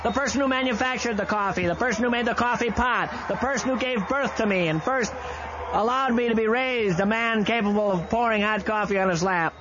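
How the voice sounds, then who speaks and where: Male talk radio host, high voice, riffs a comic ad with loud bursts; dull broadcast tone. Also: fairly quick. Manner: rambling, mock-ranting, bursts of loud excitement. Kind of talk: improvised comic live-read radio ad. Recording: slightly dull AM radio broadcast with faint hiss.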